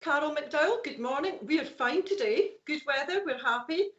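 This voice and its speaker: A woman's voice: high-pitched, animated, normal speed, roomy sound, lo-fi sound. A Scottish woman co-hosting a live show, chatting casually and laughing often as she greets viewers. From Scotland. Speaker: co-host and psychic medium.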